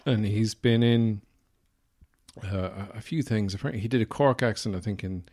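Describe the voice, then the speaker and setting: Low-voiced Irish man rambling on a podcast. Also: normal speed, darkish tone. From Ireland. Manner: rambling and digressive, many "uh" fillers; wry, self-deprecating humor. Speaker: podcast host. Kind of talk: casual solo podcast talk.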